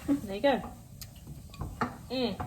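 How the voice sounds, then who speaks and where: A woman's voice: on the high side, slow pace, a crowd in the background. A young woman guest, playful and giggly, bantering while cooking in a home kitchen. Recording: distant camera mic with noise.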